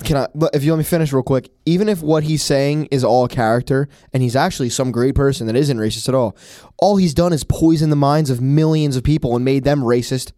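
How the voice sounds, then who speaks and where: A man's voice: mid-range voice, a little fast, warm tone, no room sound, clean studio sound. A young man co-hosting a podcast in casual chat, blunt, profane and heated. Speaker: podcast co-host.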